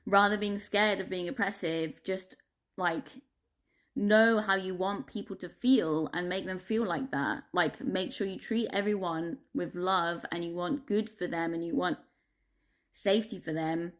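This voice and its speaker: A woman's voice: fairly low pitch, measured pace. Brief: woman vlogger, casual rant, constant fillers, heavy swearing, frustrated laughs. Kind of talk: casual ranting monologue.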